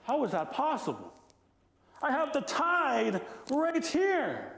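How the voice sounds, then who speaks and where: A man voicing Tide Woman, a female tide spirit in a told legend, speaking high and crying out. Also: huge pitch swings, takes it slowly, creaky, a bit bright, heavily acted. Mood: suspicious. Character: female tide spirit, suspicious then anguished. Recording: echoey lecture room.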